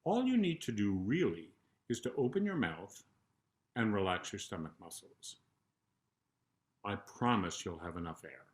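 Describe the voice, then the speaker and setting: Calm, slow-spoken older male conductor. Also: fairly low pitch. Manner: calm, patient and encouraging, demonstrating sounds. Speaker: choral conductor leading a vocal warm-up. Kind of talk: spoken vocal instruction between sung exercises.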